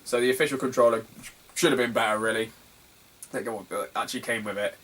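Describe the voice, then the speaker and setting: A man's voice: medium pitch, fairly even intonation, quick pace, fairly bright tone. A young man, a retro gaming YouTuber telling stories to camera in a rambling, sweary way, often breaking into laughter. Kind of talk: casual storytelling to camera.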